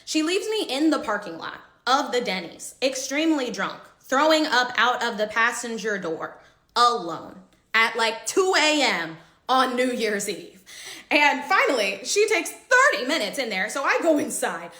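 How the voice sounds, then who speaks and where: Young woman spilling a friend drama story while getting ready, high bright voice, kinda echoey room. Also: a little slow. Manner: animated, dramatic retelling with quoted dialogue. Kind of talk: casual get-ready-with-me storytime.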